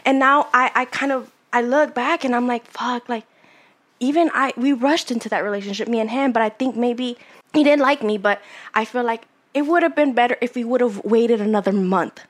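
A woman's voice: fairly high pitch, a little fast. A young woman in her twenties chatting casually on a podcast, candid and rambling, swearing freely as she tells a personal story. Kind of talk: casual chat.

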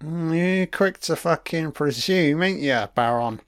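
Guy doing a sweary film commentary, slow and smooth, dead dry close sound, crude jokes. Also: a little high, no room sound. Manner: crude, mocking, heavy swearing. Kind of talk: profane running film commentary.

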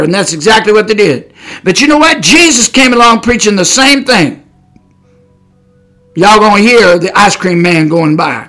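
A male preacher with a very high voice and a bright, forceful edge delivers a podcast sermon. His wording is blunt and folksy, full of rhetorical questions. He punches key words with sudden shouts. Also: lively intonation, normal speed, pauses often.

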